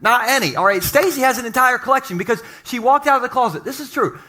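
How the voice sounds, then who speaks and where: Man preaching, high bright voice, joking with the congregation, casual sermon, church sanctuary. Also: lively intonation, quick pace. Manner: joking, conversational, talks to the congregation. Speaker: pastor. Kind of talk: humorous sermon.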